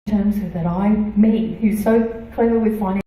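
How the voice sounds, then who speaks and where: A middle-aged woman giving a personal testimony in church, halting, with many fillers and restarts. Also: mid-range voice, fairly even intonation, dark tone. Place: church hall. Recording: echoey hall, voice from far off.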